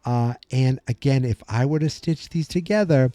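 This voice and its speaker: A middle-aged man hosting a podcast, chatting casually about a film and acting out its lines in quick voices as he rambles. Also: mid-range voice, warm tone, no echo. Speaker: podcast host. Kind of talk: casual movie commentary.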